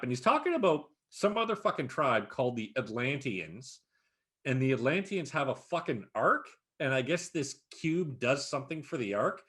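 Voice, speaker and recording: A man co-hosting a podcast, chatting casually and recapping a series. His voice swings up and down as he tells the story, and he swears all the time in a loose, animated way. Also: mid-range voice, normal speed. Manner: profane, animated recapping with frequent laughs. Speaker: podcast co-host. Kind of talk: casual chat.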